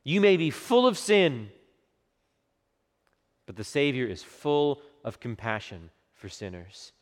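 Male pastor, fervent sermon, hushed then soaring, mid-pitched voice, long church reverb. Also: very animated, slow. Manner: impassioned preaching, hushed quotes, swelling emphasis.

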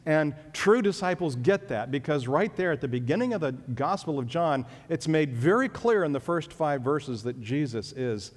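A man preaching a sermon as pastor, emphatic and leaping up in pitch on key phrases. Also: expressive, normal speed, hardly any pauses. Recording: long reverb of a hall.

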